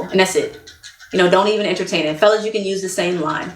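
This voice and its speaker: A woman's voice: lowish voice, fast. Blunt, chatty woman in an echoey room. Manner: blunt, chatty, laughs often, repeats herself for emphasis. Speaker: vlogger giving relationship advice. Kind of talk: candid casual monologue. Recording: roomy echo.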